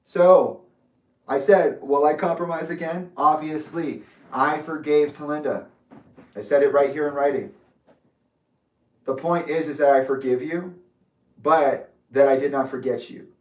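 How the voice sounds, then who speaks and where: A man reading his own letter aloud with asides, in a measured, deliberate way. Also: fairly high pitch, a little mellow. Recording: roomy echo, distant from mic.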